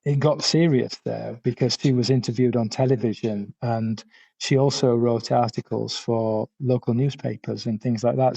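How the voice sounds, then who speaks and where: A man giving measured, slightly hesitant commentary as a podcast guest. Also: medium pitch, mellow, husky, no echo. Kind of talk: conversational commentary. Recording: dull lo-fi recording.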